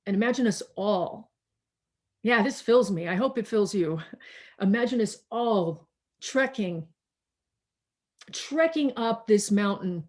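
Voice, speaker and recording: A woman minister preaching slowly and reflectively over a video call, pausing and restarting often, tired as she speaks. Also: mid-range voice, lively intonation, a little mellow. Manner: slow, reflective, with many restarts and pauses.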